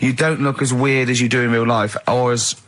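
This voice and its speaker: A man's voice: medium pitch, flat delivery, fairly quick, a bit bright. A man hosting a radio show in casual studio banter, teasing his co-hosts and breaking into giggles. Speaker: radio host. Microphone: studio microphone.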